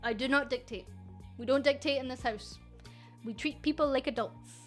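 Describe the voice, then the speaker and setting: High-voiced Scottish woman on a casual livestream. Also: normal speed, soft background music. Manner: frank, joking, full of fillers and restarts. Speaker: VTuber and agency manager.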